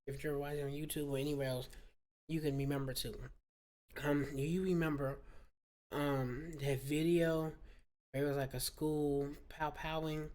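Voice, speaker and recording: A woman's voice: low-pitched, a little mellow. A woman vlogger at home, rambling casually into a proper microphone and talking straight to her viewers. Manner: chatty, digressive, talks straight to viewers. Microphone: studio microphone.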